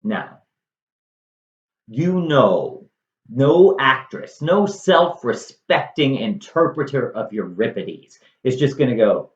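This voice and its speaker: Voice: mid-range voice, animated, slow pace. A host casually retelling a classic play, wry and conversational with lots of animation. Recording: roomy, distant, dull lo-fi.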